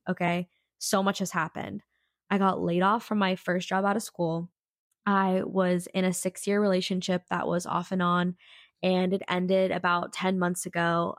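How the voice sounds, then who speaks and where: A woman in her twenties hosting her own podcast, talking in an excitable, slangy, chatty way. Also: medium pitch, no echo, studio quality. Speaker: podcast host. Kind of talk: casual solo podcast chat.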